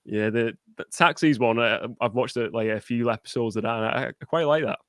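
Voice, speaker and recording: A man's voice: mid-range voice, brisk, no room sound. A man talks casually about films as a guest on a live stream. He starts and restarts his sentences often. His voice sounds close and dry, with little room around it. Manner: hesitant, lots of fillers and restarts. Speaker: guest podcaster.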